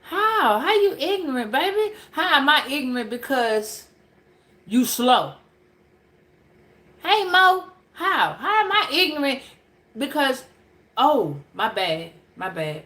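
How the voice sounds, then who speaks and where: A woman's voice: high-pitched, very animated, takes it slowly, long pauses, pushed and bright, reverberant. A woman giving a casual spiritual message to a live chat, emphatic and preachy, repeating her phrases and talking straight to her viewers.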